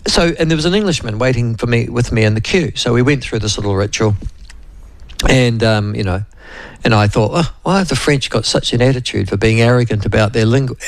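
Hosting a radio program, a New Zealander wanders through his talk casually, with lots of fillers and digressions, tossing remarks to his co-host and calling the co-host and listeners by name. His voice is mid-range and free of echo.

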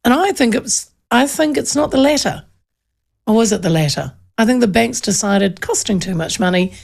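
Chatty gravelly New woman. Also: a little high, darkish tone. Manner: chatty, rambling storytelling with many restarts. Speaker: radio host. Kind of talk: casual chat.

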